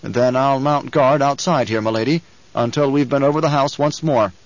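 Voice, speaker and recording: A man reads as a tall, loyal guard officer. He speaks loudly and bluntly, always deferring to his superiors. The audiobook sound is dull and lo-fi. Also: mid-range voice, moderate pace, dry recording, close to an everyday voice. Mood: dutiful.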